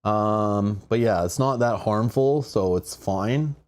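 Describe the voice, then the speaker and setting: A man with a somewhat low voice talks his way through a solo board game on a live stream. He reads rules aloud and chats with viewers in an excitable, thinking-aloud manner. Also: slow pace.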